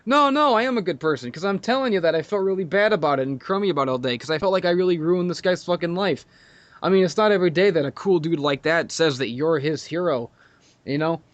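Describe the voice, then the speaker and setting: A man's voice: fairly high pitch, lively intonation, fast talker, dry recording, lo-fi sound. Profane storytelling man on a podcast. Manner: profane, storytelling, laughs a lot. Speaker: podcast guest. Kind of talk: casual crude podcast chat.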